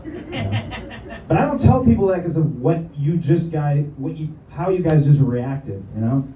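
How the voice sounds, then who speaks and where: Male stand-up comedian, crude self-mocking jokes, very dark mellow tone, echoey room, distant dull mic. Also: fairly high pitch, sing-song, moderate pace, slight background noise. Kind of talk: stand-up set.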